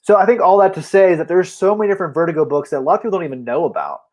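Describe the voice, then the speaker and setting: A chatty man with a voice pitched a little above the usual, co-hosting a relaxed comic book talk show. He laughs easily and often restarts a sentence before finishing his thought. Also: racing. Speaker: podcast co-host. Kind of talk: casual comic book chat.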